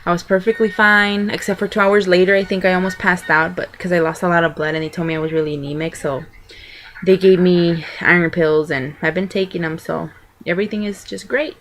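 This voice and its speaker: Rambling young woman with a lowish voice. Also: fairly even intonation, fairly quick, a bit bright, slight background noise. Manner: rambling, chatty, many fillers and restarts. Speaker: vlogger. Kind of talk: casual personal storytelling.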